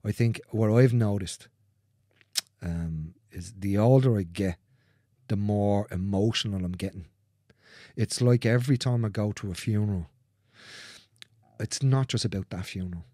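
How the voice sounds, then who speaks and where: Man, mellow low voice, earnest, swears, sometimes near a whisper, dry close sound. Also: unhurried, dry recording. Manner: earnest, repetitive, swears freely. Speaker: guest. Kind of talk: candid conversation.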